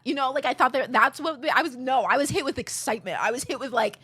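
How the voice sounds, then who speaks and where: A young woman streamer chatting casually, telling an animated story, quoting others and laughing often. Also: high voice, fast, hardly any pauses, husky.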